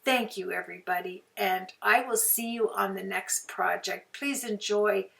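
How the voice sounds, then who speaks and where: A woman's voice: mid-range voice, creaky, sharp tone. A woman hosting a craft channel, chatting casually through a tutorial with frequent fillers. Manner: unhurried, chatty, with many fillers. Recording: voice some distance from the mic.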